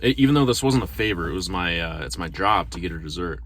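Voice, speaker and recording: A restaurant server talks into a phone held in front of him while sitting in his car, telling a story casually. His low, slightly bright voice is fast with lively intonation, and he rambles self-consciously with lots of fillers and restarts.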